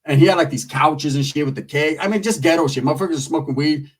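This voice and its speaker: Speaking fast in a slightly high voice, a man recorded from afar spins a comedic street tale full of profanity and loose slang. He animates it by voicing the characters through plenty of acted quotes.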